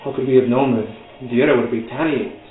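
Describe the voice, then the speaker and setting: Man doing a solemn, frail old crone timekeeper, slow and mournful, on an echoey, phone-like call with music under it. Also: mid-range voice, natural voice. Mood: weary, solemn. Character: frail ancient woman timekeeper, weary and sorrowful. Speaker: game master. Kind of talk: voicing a character in a tabletop game.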